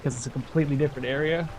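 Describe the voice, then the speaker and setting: A man's voice: on the high side, a little mellow, a little hiss or hum. Chatty man streaming a game. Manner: rambling, thinks aloud, laughs at chat. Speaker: gameplay streamer. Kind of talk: casual gameplay commentary.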